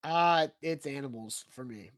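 A man co-hosting a sports podcast in casual chat, relaxed and firm in his views, who also closes the show. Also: mid-range voice, unhurried, no room sound, studio quality.

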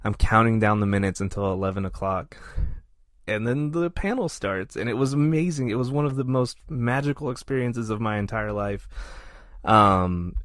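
Male podcast co-host, casual animated storyteller, dry close sound. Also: on the low side, normal speed, no room sound. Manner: animated, self-deprecating anecdote telling.

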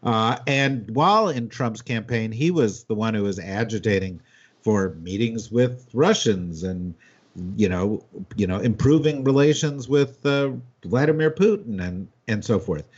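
Male panel host; lowish, husky, filler-heavy; muffled audio. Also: animated, unhurried, darkish tone. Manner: filler-heavy, steering the talk. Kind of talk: political panel discussion. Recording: dull lo-fi audio.

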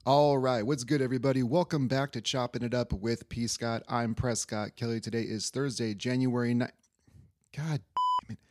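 A man's voice: medium pitch, fairly even intonation, fairly quick, hardly any pauses, a little mellow, faint music behind. A young man hosting a casual sports podcast, rambling loosely and swearing offhand. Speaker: podcast host.

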